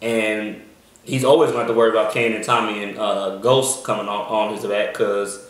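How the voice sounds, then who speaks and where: A man's voice: on the low side, level tone, a little fast. A man co-hosting a casual TV review chat, rambling with lots of ums and restarts. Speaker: podcast co-host. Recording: echoey room, mic far off.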